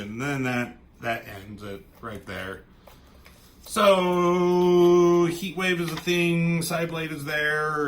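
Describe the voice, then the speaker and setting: A man's voice: mid-range voice, takes it slowly, a bit bright, a little hiss or hum. A man reviewing a comic book in casual, rambling chat, swearing offhandedly and trailing off into asides.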